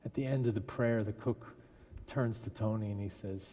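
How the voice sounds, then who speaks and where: A man preaching a sermon as a minister, telling a story with lively delivery and briefly acting out the people in it. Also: on the low side, normal speed. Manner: animated storyteller who acts out quoted voices. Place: large church sanctuary. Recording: long church reverb. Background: congregation laughing.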